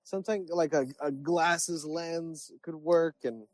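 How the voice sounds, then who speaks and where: A man's voice: on the high side, fairly even intonation, slow, a crowd in the background. A man chatting as a guest on a comedy podcast who plays along in a laid-back way with dry asides. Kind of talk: casual comedic chat. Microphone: phone app audio.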